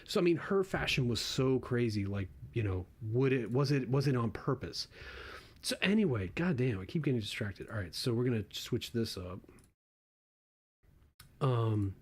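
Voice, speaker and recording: A man's voice: mid-range voice, very animated, moderate pace, breathy edge. A young man doing casual reaction commentary, rambling and swearing freely, often restarting his sentences. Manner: rambling and profane, with frequent restarts. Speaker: online commentator.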